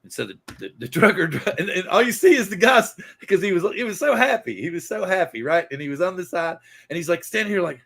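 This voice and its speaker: A man's voice: sits high, sing-song, quick pace, creaky, few pauses, fairly bright tone, slightly rough. A man hosting a podcast who tells a long joke in a rambling, casual way, restarting his sentences often. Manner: rambling, embellished storytelling with restarts. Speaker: podcast host.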